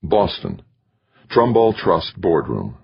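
A man narrating an audiobook in a measured, steady storytelling manner. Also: deep voice, vocal fry, husky, dry recording. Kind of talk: scripted narration. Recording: dull lo-fi recording.

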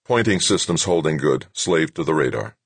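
A man's voice: a bass voice, animated, moderate pace, husky, dry recording, full character voice. A man voicing a terse, tense male radar technician. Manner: tight, terse.

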